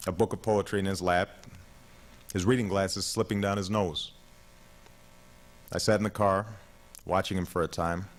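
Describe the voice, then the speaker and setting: A man in his thirties reads his own memoir aloud in a measured, reflective audiobook narration. His voice sits low and steady, unhurried and thoughtful. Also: rough recording. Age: 30s.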